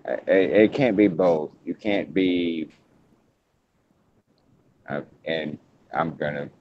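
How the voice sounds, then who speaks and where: Low slow guy hosting a podcast, keeps restarting his sentences, muffled audio. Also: slight background noise. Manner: halting, restarts often, hedges before points. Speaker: podcast host. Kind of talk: casual podcast chat.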